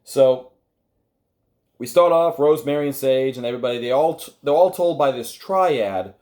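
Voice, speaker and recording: A man at a middle pitch delivers casual review commentary, wry and critical. He addresses his viewers directly in an offhand, chatty way. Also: animated, normal speed, a little mellow. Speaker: online review host.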